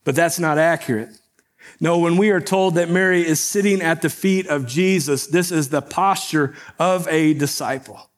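A pastor, conversational and animated. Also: male voice, fairly high pitch, moderate pace. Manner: conversational, often asks "right?" to the congregation. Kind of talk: sermon.

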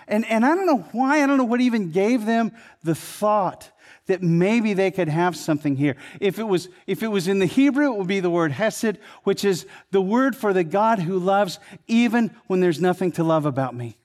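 A man preaching a sermon in a conversational way, building to emphatic peaks and then dropping low. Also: expressive, normal speed, a little mellow. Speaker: pastor.

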